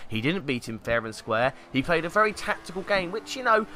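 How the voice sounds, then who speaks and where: A man's voice: on the high side, big pitch swings, a little fast, few pauses, sharp tone. A young man with a sarcastic, mocking manner, reading out fan tweets and commenting on them in a casual way. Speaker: YouTube commentator.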